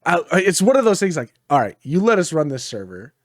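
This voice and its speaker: Sleepy, animated man with a lively voice. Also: on the high side, a little fast, no room sound, clean studio sound. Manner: sleepy, rambling, swears freely. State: tired. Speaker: podcast co-host. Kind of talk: casual chat.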